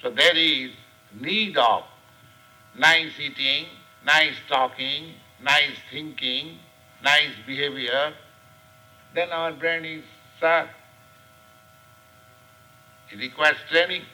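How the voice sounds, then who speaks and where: An older man with an Indian accent giving a scripture class lecture, speaking slowly and deliberately with many pauses and fillers. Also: fairly high pitch, fairly even intonation, sharp tone, rough recording. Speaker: spiritual teacher. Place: class room.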